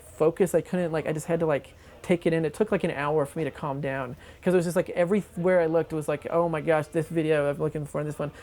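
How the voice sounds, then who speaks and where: An interviewee telling a long anecdote for a documentary in an excitable, rambling way, full of fillers. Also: mid-range voice.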